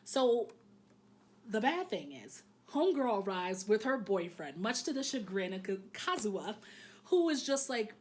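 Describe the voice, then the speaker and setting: A woman casually recapping an anime episode in a candid, joking way, swearing freely and filling pauses with "um". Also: medium pitch, sing-song, slight background noise.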